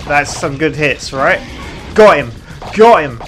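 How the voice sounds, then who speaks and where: An excitable let's-play host who narrates their own gameplay, laughing often and muttering to themselves. They speak at an unhurried, drawn-out pace. Faint game music plays behind them. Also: mid-range voice. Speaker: gaming channel host.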